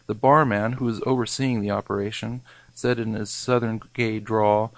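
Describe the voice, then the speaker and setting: A man's voice: mid-range voice, fairly even intonation, normal speed, dry recording, poor audio. A man reading a scripted, wry food memoir, his wording mock-grand. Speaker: narrator.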